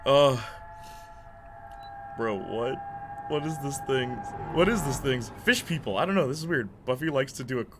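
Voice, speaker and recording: A man's voice: mid-range voice, lively intonation, moderate pace, pauses often, background noise. A young man casually commenting on his gameplay. He laughs often, talks in slang and mocks the lines by putting on voices. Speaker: let's play host.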